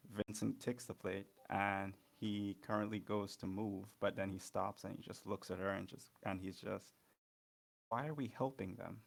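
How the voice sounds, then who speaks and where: A man's voice: deep voice, monotone, normal speed, vocal fry, hardly any pauses. A man playing a tabletop game, narrating his character in a loose, hesitant way with many fillers. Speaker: player.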